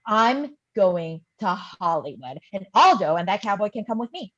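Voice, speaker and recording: A woman reading the part of an eager young aspiring writer who leads the group, full of quick questions, in a live play reading. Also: medium pitch, very animated, fairly bright tone, muffled recording. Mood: excited.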